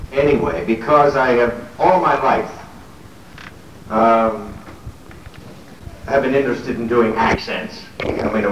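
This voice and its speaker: A middle-aged man talks easily from a convention stage, joking with the crowd and trailing off into ums and restarts. His voice is distant and echoey on a noisy 1970s hall recording, with a steady hiss underneath. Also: mid-range voice. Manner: genial, joking with the audience, many ums and restarts. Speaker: guest actor at a fan convention Q&A. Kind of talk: live stage Q&A, chatty anecdotes. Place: large convention hall with an audience.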